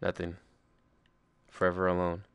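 A young man streams a game with friends, chatting casually, joking, swearing, and humming little tunes. His voice is deep, gravelly yet smooth, and monotone at a normal pace, in a dry recording.

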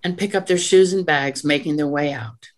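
A woman reading the stage directions of a play aloud in a plain, even way. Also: low-pitched, normal speed.

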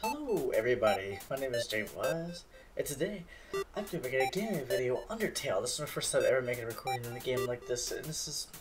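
A man giving casual, excitable commentary as he plays a game for the first time, swearing when startled. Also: medium pitch, quick pace, far from the mic. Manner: chatty, excitable, swears at surprises. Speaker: gamer. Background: game music.

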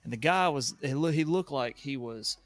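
A man's voice: medium pitch, normal speed, dry recording. A man co-hosting a podcast and casually telling a long, rambling story from his early working days, with frequent restarts. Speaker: podcast co-host.

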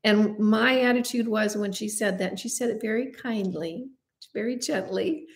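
Woman, 50s, channel host; friendly, confiding Q&A delivery, mid-range pitch. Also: moderate pace. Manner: chatty, confiding, self-deprecating asides. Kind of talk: casual Q&A chat to camera.

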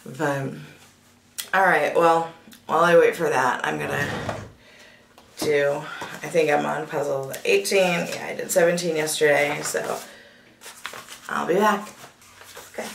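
A woman in her thirties, groggy and husky from allergies, chatting casually and rambling with many fillers in a home vlog. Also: sits low, steady tone, a little slow, long pauses, reverberant, far from the mic, noisy background. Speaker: vlogger.

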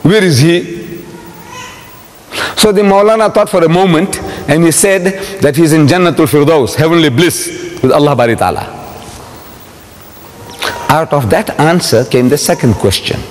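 A man's voice: on the high side, moderate pace. An older man from South Africa giving a public religious lecture, telling stories animatedly, acting out dialogue and repeating lines for emphasis. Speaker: Islamic lecturer. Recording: reverberant lecture hall recording.

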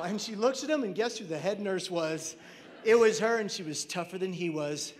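Animated storytelling man in a big hall. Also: sits high, moderate pace. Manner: animated, shouts punchlines. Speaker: mental health speaker. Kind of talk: storytelling talk on stage. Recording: reverberant hall.

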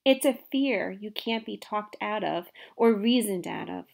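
Woman voicing a gentle preacher father, slow, measured, mild. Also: medium pitch, vocal fry. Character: gentle, bewildered middle-aged male preacher.

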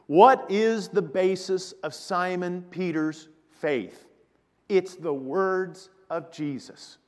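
A man preaching a sermon, emphatic and deliberate, retelling scenes with drama. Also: sits high, darkish tone. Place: church sanctuary. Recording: long reverb of a church hall.

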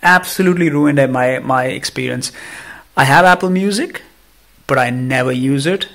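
A man with an Indian accent giving a casual phone review, ranting in an animated, exasperated way. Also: mid-range voice, moderate pace, creaky. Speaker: tech reviewer.

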